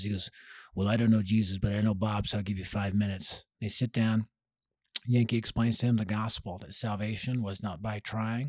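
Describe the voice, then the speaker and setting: A man's voice: on the low side, no room sound. A man telling his life story on a podcast with energy, acting out the people he quotes. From Denver, United States. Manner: energetic, acts out quoted voices, punchy. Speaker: podcast guest, youth ministry leader. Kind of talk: animated storytelling interview.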